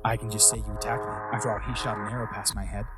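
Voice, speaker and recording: A man voicing a sneering, arrogant young bully who is the mayor's son, talking low and taunting. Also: little pitch movement, racing, over loud music, natural voice. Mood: smug threatening. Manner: smug, taunting, low and quiet.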